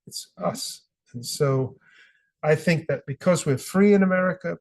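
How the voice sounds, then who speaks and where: A middle-aged British man, an author appearing as a guest on a podcast interview, passionately tells his story and acts out quotes. His voice is fairly high in pitch, with a measured pace.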